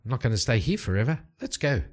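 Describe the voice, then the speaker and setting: A man's voice: medium pitch, big pitch swings, quick pace. A man voicing an adventurer who has just woken, confused and impatient, in a solo tabletop game.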